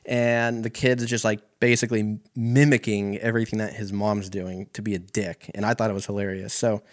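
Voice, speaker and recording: Podcast host, male, lowish voice, loose profane storyteller who restarts sentences. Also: flat delivery, normal speed. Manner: rambling, heavy swearing, self-correcting. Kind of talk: casual storytelling monologue.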